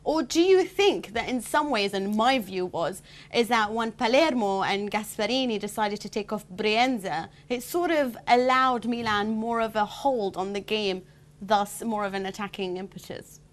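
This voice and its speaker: A woman hosting a football show, leading a casual chat with wry asides. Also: mid-range voice. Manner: chatty, wry, quick asides. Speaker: host.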